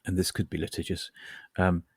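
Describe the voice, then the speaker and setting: A man's voice: sits low, level tone, brisk, a little mellow, husky, no echo, clean studio sound. A man co-hosting a podcast, telling rambling, wry anecdotes with plenty of asides. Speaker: podcast co-host. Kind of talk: casual chat.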